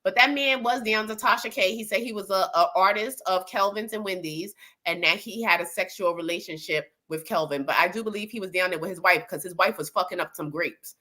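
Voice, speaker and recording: A woman's voice: medium pitch, a little fast, hardly any pauses, bright, forceful tone. A woman co-hosting a casual gossip show, talking in a blunt, profane, rambling way full of restarts. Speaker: co-host.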